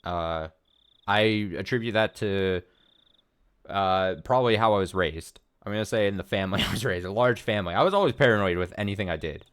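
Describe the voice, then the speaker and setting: A man hosting a let's play, reading a visual novel aloud and rambling excitedly and paranoidly between lines. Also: on the low side, a little fast, clean tone.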